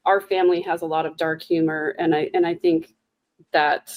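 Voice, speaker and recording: A woman's voice: sits low, little pitch movement, normal speed. A woman hosting a conversational interview, talking candidly and reflectively with a wry edge. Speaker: host.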